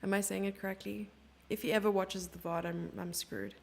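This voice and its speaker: A woman's voice: medium pitch, fairly even intonation, fairly quick, creaky, darkish tone. A woman from Germany giving casual, self-mocking live chess commentary, chatting with her viewers and thinking aloud over the moves.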